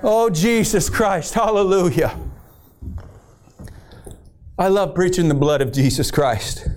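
A middle-aged man delivers a fiery sermon in a high voice for a man. He preaches with emphatic drive and sounds fired up, pressing his points hard. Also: slow, darkish tone.

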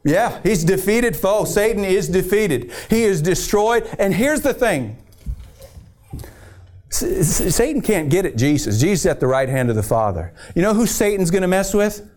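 Fired-up high-voiced male preacher. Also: very animated, moderate pace, darkish tone. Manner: fired-up, emphatic, preaching with rising intensity. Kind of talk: fiery sermon.

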